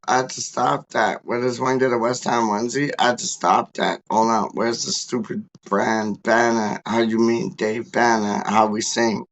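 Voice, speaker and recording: A man's voice: mid-range voice, rough recording. A man hosting a casual fan livestream, rambling hype talk packed with street slang. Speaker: fan channel host.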